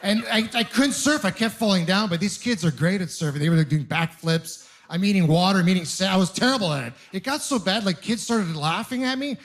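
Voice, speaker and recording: A man's voice: high voice, lively intonation, fairly quick, hardly any pauses, a bit bright. Rambling self-mocking stand-up man. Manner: rambling, self-deprecating, punchy storytelling. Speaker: stand-up comedian. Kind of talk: stand-up comedy set. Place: comedy club stage with laughing audience.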